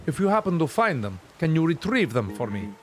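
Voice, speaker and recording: A man's voice: fairly high pitch, very animated, a little fast, soft background music. A man voicing a polite, earnest young woman researcher in a video game. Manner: polite and formal.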